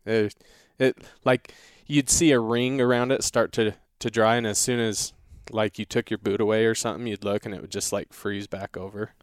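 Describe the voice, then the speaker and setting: A man's voice: on the low side, fairly even intonation, clean tone, no room sound, studio quality. A man talking as a guest on a podcast, telling a long story in a rambling, casual way with many restarts. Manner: rambling, restarts often, drawn-out retelling. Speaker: guest hunter.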